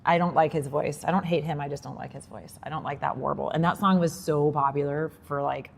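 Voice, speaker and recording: A woman's voice: low-pitched, steady tone, brisk, gravelly, a little hiss or hum. A woman co-hosting a podcast in casual, playful chat, often joking and mimicking. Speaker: podcast co-host. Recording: roomy hall with faint ambience.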